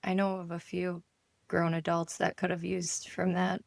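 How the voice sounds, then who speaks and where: Woman, podcast co-host, hoarse, gravelly, lowish voice, casual storytelling chat. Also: completely flat delivery, normal speed, no room sound. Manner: storytelling, acts out quoted dialogue. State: hoarse from yelling. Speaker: podcast co-host and enneagram coach.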